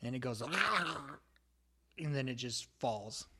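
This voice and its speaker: Man, game master, easygoing, laughs a lot, mid-pitched voice. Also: expressive, very slow, sharp tone, slightly rough. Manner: laughs often, easygoing rulings. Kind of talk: narrating a tabletop game.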